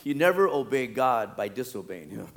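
A man preaching a sermon, acting out scripture scenes and then dropping to quiet, wry asides. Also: very animated, moderate pace, vocal fry. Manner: dramatic, swings from loud acted-out pleading to low asides.

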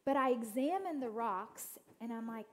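A woman's voice: fairly high pitch, animated, moderate pace. A woman giving an inspirational church talk as a guest speaker, telling family stories and speaking straight to her listeners. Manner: storytelling, addresses the audience directly; acts out quoted family voices.

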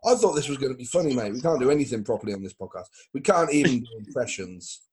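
Guy hosting a podcast, husky voice, swinging all over in pitch, cursing and joking. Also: animated, fast talker, darkish tone. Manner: swearing, joking. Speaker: podcast host. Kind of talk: casual banter.

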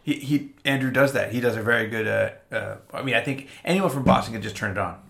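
A man's voice: medium pitch, fast talker, vocal fry, fairly bright tone. A man co-hosting a casual beer podcast who tells rambling stories and swears easily. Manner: rambling storyteller with restarts. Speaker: podcast co-host. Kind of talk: casual beer-tasting chat.

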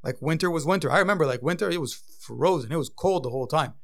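Fast-talking man in casual chat. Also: a little high, creaky. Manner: fast, animated storyteller. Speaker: vegan restaurant owner.

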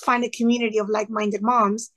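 A woman talking as a podcast guest, telling stories in a lively way and acting out the dialogue, with a few Spanish phrases mixed in. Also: fairly high pitch, quick pace. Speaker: podcast guest, retired teacher. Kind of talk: casual storytelling interview.

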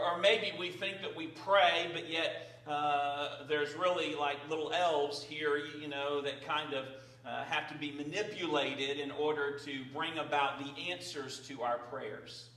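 A man's voice: a little high, sharp tone. A man preaching a sermon as pastor, praying and then talking conversationally with fillers. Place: church sanctuary. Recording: roomy, distant from the mic.

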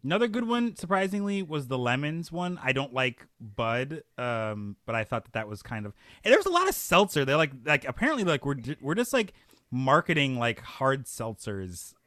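Bright, wry young man chatting. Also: medium pitch, wildly swooping pitch, normal speed, no echo, clean studio sound. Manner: chatty, wry, full of fillers and puns. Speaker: podcast co-host. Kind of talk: casual chat.

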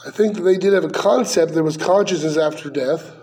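A man's voice: on the high side, brisk, a little mellow. A man, likely a pastor, preaching a verse-by-verse sermon in a conversational way, with rhetorical questions and dry asides.

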